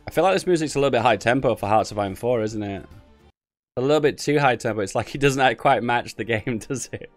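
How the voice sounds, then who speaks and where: A man's voice: mid-range voice, fast, soft background music. A man giving casual live commentary on a strategy game tournament, thinking aloud and wandering into rambling asides. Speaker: streamer casting a game tournament.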